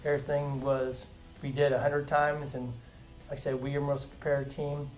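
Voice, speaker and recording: A man's voice: mid-range voice, flat delivery, moderate pace, darkish tone, soft background music, low-quality recording. A man in his fifties, a former player, telling stories about his old coach in an earnest, emphatic way. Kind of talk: casual interview tribute.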